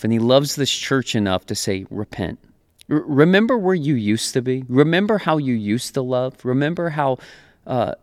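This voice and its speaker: A young man preaches in an easygoing, conversational way, laughing often and acting out quotes. His voice sits at a middling pitch. The sound is dry and close, with no room echo. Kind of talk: conversational sermon.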